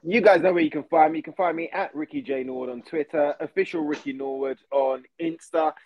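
A man's voice: fairly high pitch, fairly even intonation, fairly quick, no room sound, lo-fi sound. A man who is a podcast guest, talking earnestly and emphatically in casual chat.

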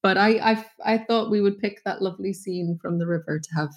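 A woman's voice: medium pitch, a little fast. A woman guest on a podcast, chatting casually with frequent laughs.

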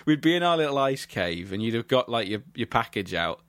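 A man's voice: mid-range voice, sing-song, fairly quick, fairly bright tone, dry recording. Giggly man, dry sound. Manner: giggly, rambling storyteller. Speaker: podcast host. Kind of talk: casual chat.

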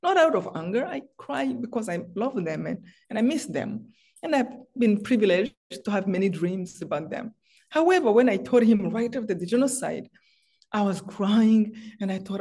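A woman's voice: medium pitch, expressive, moderate pace, mellow. A middle-aged woman from Rwanda, a guest author in a faith interview, telling personal stories with feeling and frequent restarts. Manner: heartfelt, personal storytelling with many restarts.

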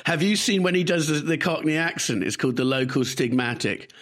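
A man's voice: fairly high pitch, animated, a bit bright. A man co-hosting a podcast in casual chat, telling stories and laughing often. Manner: chatty storyteller, laughs often, quick asides. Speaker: podcast co-host.

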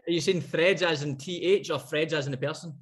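A man's voice: on the high side, steady tone, fairly quick. A Scottish man with a slightly raised voice co-hosts a loose radio chat. He jokes and teases his co-host. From Scotland.

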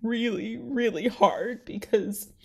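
A woman's voice: a little high, steady tone, slow pace, creaky, darkish tone, breathy edge. Tearful woman telling a painful story. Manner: candid, tearful, emphatic. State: holding back tears. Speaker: podcast guest. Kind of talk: emotional personal story.

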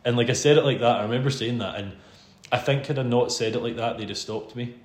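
Guesting on someone else's podcast, a Scottish host tells a lengthy story in a chatty, self-mocking manner, laughing a lot. He speaks at a quick pace with medium pitch. The recording carries roomy room sound and a faint hum.

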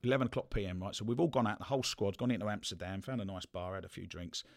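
Chatty low-voiced man telling stories. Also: very fast, vocal fry, dry recording, clean studio sound. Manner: chatty, laughing storyteller. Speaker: podcast guest, former footballer. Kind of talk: casual anecdote telling.

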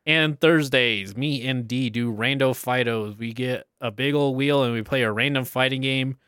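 A man's voice: medium pitch, moderate pace, a bit bright, clear, resonant tone, no echo, studio quality. A young man co-hosting a casual podcast chat, rambling and laughing often. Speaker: podcast co-host.

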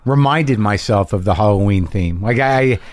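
A man's voice: lowish voice, moderate pace, no room sound. Middle-aged guy hosting a podcast, rambling and swearing, dry close mic. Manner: loose, profane, rambling with fillers. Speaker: podcast host. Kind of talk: casual podcast chat and ad read.

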